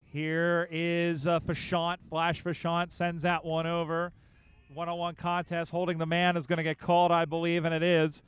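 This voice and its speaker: A man calling a live game as play-by-play commentator, building excitement in quick bursts on the big plays. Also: on the high side, clear, resonant tone, no room sound. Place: outdoor sports field broadcast.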